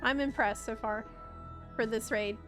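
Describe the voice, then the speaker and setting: A woman's voice: on the high side, steady tone, unhurried, a bit bright, faint music behind. A woman streamer chatting casually on a live stream, commenting on a game and thanking viewers.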